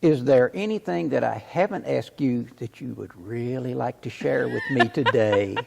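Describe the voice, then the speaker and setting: A man's voice: medium pitch, normal speed, creaky, in a large hall, noisy background. A man hosting a church interview in a playful, joking manner, laughing often. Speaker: interviewer, church program host. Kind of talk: casual interview.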